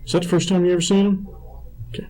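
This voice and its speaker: A man working as a police detective, firing quick, probing questions during an interrogation. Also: high voice, flat delivery, warm tone.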